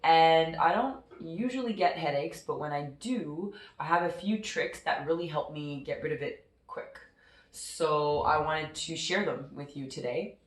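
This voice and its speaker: A woman with a congested, nasal voice and a sore throat from a cold, calmly guiding a meditation. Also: low-pitched. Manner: calm, slow, soothing instructions. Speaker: massage therapist guiding a meditation. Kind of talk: casual chat into a guided meditation. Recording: echoey room.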